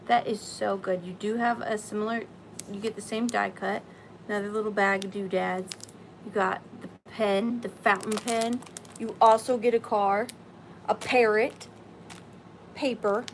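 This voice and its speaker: A woman hosting a live-stream sale, chatting excitedly and greeting viewers by name. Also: medium pitch, unhurried, a little hiss or hum, low-quality recording. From Southern US.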